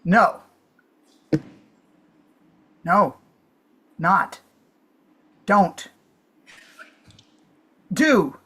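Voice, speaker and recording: Woman improviser, slow pace, halting guesses, video call. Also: on the low side, expressive, fairly bright tone, husky. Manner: halting, thinking aloud. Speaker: improv performer. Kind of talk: guessing game banter.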